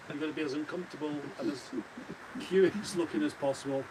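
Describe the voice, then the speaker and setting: A man's voice: fairly high pitch, steady tone, quick pace. A British man bantering and teasing his friends on a casual livestream from a caravan. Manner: teasing, playful. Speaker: livestream co-host. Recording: noisy caravan livestream audio.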